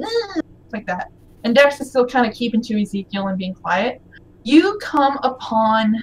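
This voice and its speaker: A woman's voice: sits high, distant mic, rough recording. Woman game master, casual narration, lots of fillers, sitting back from the mic.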